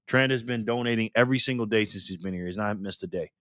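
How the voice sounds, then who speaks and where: A man's voice: lowish voice, fairly bright tone, dry recording, clean studio sound. Upbeat man greeting his live chat. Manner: upbeat, reads chat names aloud with quick thanks. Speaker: live stream host. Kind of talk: casual live-stream chat, greeting viewers.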